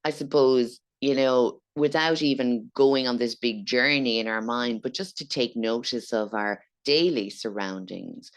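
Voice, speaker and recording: A woman's voice: very deep voice, a little slow, few pauses. A woman hosting a podcast, speaking reflectively in casual interview chat. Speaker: podcast host.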